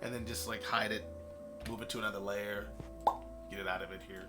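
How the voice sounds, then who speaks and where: A man, a game artist, casually explaining his work step by step in a relaxed way. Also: lowish voice, fairly quick, soft background music. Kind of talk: casual stream chat.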